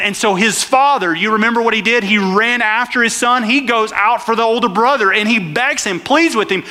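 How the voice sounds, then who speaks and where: A man's voice: very high-pitched, normal speed, hardly any pauses, bright, forceful tone, long reverb tail. A man preaching a conversational sermon who often puts questions to the crowd. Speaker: pastor.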